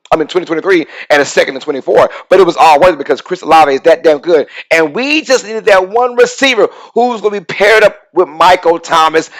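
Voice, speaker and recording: A man hosting a casual live-stream sports talk show, excitable and reading out chat comments as he goes. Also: fairly high pitch, rough recording.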